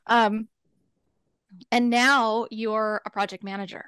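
Brief: woman from California, machinima creator, casual halting delivery, dry close sound. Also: on the high side, little pitch movement, fairly bright tone, clean tone, dry recording. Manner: halting, repeats words. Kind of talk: casual roundtable chat.

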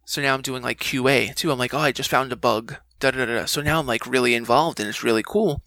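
A man telling a casual story in an animated way and acting out the people he quotes. His voice has a bright, forward tone with gravel and fry at the ends of his phrases. The sound is close and dry. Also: mid-range voice, fast talker, no echo, low-quality recording. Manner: animated, acts out quoted dialogue. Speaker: guest, game voice actor.

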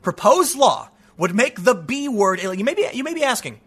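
A man's voice: extremely high pitch, a little fast, slightly rough. A man hosting an online show, giving emphatic, opinionated solo commentary. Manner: emphatic, animated, acts out quoted voices.

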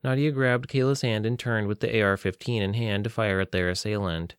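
Low-voiced male audiobook narrator. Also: steady tone, brisk, clear, resonant tone, no room sound, studio quality. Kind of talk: scripted narration.

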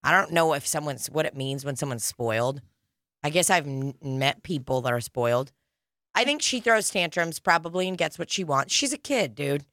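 A woman's voice: low-pitched, lively intonation, normal speed, a bit bright, dry recording, studio quality. A young woman in casual chat, crude and joking, rambling with many fillers. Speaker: podcast co-host.

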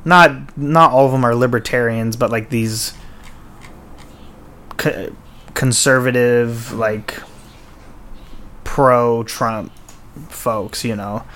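A man talking loosely on a podcast, in a mid-pitched, everyday voice. He rambles and swears casually, backing up to restart sentences and filling gaps with "like" and "uh". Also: fairly even intonation, slow pace, long pauses, fairly bright tone. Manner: rambling, profane, with frequent restarts and fillers. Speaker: podcast host.

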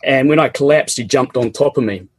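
Middle-aged Kiwi man, husky, dry close sound, lively colloquial storyteller. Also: medium pitch, fairly quick, no room sound. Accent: New Zealand. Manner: animated, laughs often, colloquial. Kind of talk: casual personal storytelling.

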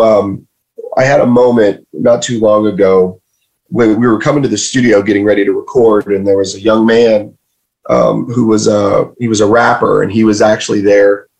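A man's voice: lowish voice, gravelly, a little mellow, rough recording. A man, his voice worn from a recent illness, telling a personal faith story as an interview guest in an earnest, emotional way full of restarts. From North Carolina, USA. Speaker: guest sharing a testimony. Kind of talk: casual spoken storytelling.

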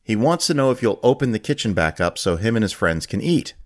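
A man with a lowish voice hosts a casual podcast. He tells a long story with lots of restarts and fillers. When he acts out other people's lines, his pitch jumps sharply upward. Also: fairly quick. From United States. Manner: animated storyteller who raises his pitch for quoted people. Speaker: podcast host.

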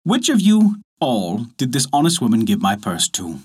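Young squire, commanding and fair, lively storybook voice, told by a male narrator. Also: mid-range voice, moderate pace, slightly rough, pitched below the performer's own voice. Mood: stern.

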